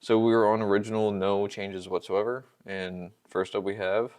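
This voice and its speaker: A man's voice: on the low side, flat delivery, moderate pace, darkish tone. A man hosting a casual product review of wireless microphones, chatty and upbeat with easy laughs. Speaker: podcast host reviewing microphones.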